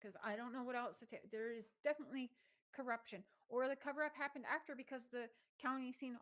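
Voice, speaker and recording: A woman's voice: on the high side, steady tone, fast, a bit bright, rough recording. Indignant woman reading texts aloud. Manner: indignant, swearing, reads messages aloud. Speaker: true crime commentator.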